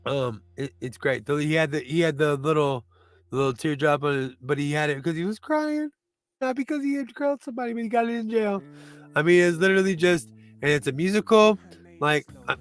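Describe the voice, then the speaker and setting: Man reviewing movies, casual countdown chat, rambling, restarts a lot, slightly high voice, faint music underneath. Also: fairly bright tone. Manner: rambling and loose, often restarting and groping for names.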